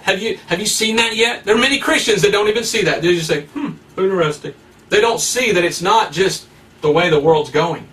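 A male preacher delivering a sermon with fervent emphasis, firing rhetorical questions at his listeners. His voice sits high for a man. The recording picks him up from some distance away from the microphone. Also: bright, forceful tone.

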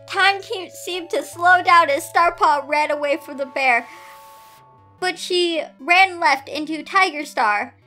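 A woman's voice: high voice, unhurried, pushed and bright, faint music behind. A woman host reading a story aloud and breaking off with incredulous, laughing asides. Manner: incredulous, laughing asides between read lines.

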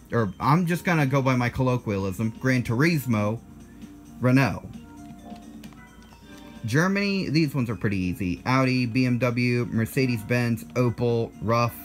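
An American man in his twenties talks through his own video in a casual, unscripted way. He sounds blunt and a bit defensive, breaks off to correct himself, and speaks at a middle pitch over faint background music. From United States. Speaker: channel host.

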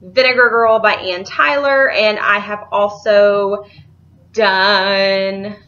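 A woman's voice: medium pitch, fairly even intonation, takes it slowly, bright, forceful tone, lo-fi sound. A young woman, chatting casually and rambling about books she bought, laughing easily. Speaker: book vlogger. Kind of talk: casual chat.

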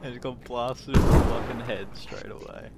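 A man's voice: medium pitch, steady tone, normal speed, creaky, heavy background noise. A young Australian man playing a shooter game with friends, frustrated and swearing when his gun jams. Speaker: gamer. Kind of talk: casual chat while gaming.

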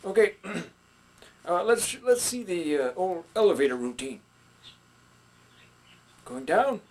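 A man's voice: high voice, lively intonation, slow pace, exaggerated voice. A man voicing a folksy older male puppet who chats with the audience and trails off into fillers as he teaches stage entrances. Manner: folksy, chatty, with hesitant fillers. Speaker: puppetry instructor. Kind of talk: puppet instruction skit.

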